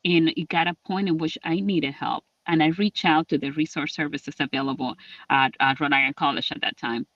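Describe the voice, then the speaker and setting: A man giving an earnest public address on a livestream, halting with fillers. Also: on the high side, fairly even intonation, fairly bright tone, no echo, recorded from a distance, lo-fi sound. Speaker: lieutenant governor.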